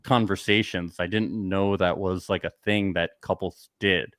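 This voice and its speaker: A man's voice: low-pitched, steady tone, a little slow, fairly bright tone, dry recording, studio quality. A young man hosting a podcast, chatting casually and sarcastically about a reality show, laughing often. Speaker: podcast host. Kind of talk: casual recap chat.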